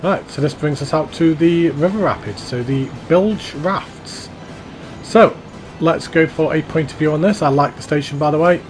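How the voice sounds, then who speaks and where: A man's voice: fairly high pitch, a little fast, faint music behind. Upbeat man touring a game park. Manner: enthusiastic, rambling, repeats praise. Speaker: YouTuber touring a fan-built theme park. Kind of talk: casual game commentary.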